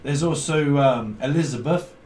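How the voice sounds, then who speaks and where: A man's voice: a little high, moderate pace, darkish tone, roomy sound, a little hiss or hum. A man doing a tarot reading, rambling and jokey, often giggling. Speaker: tarot reader.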